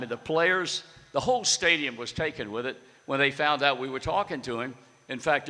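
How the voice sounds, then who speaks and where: A man's voice: medium pitch, pushed and bright, big-room sound. An older man telling a blunt, salty anecdote to an audience as guest speaker. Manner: blunt, salty, wry storyteller.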